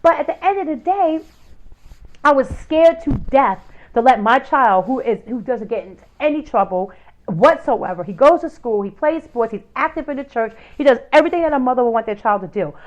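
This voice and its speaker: A woman hosts her own talk show in a fervent, opinionated monologue. She speaks with a fairly high voice, fires off rhetorical questions and fills her pauses with "you know" and "um". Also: animated, muffled recording. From United States. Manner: impassioned, rhetorical questions, many fillers.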